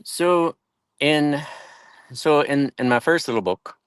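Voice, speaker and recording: Chatty monk telling stories. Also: male voice, on the high side, slow, clean tone, no room sound. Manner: chatty, acts out quoted voices, laughs often. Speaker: traveling bhakti yoga monk and teacher. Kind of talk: casual interview storytelling.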